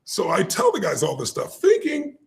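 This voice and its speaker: An older man telling a story as a podcast guest, animated and acting out the people he quotes in shifting voices. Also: high voice, normal speed, creaky.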